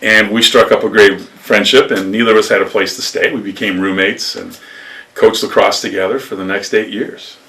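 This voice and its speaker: An older man from upstate New York, a former lacrosse coach, telling rambling stories in an interview with lively acted quotes. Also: fairly low pitch, normal speed, recorded from a distance. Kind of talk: storytelling interview.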